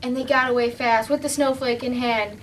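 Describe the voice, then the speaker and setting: Brief: high-pitched girl storyteller, playful and dramatic, distant mic, faint hum. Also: fairly even intonation, normal speed. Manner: playful, dramatic, with shouted sound effects. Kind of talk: improvised storytelling.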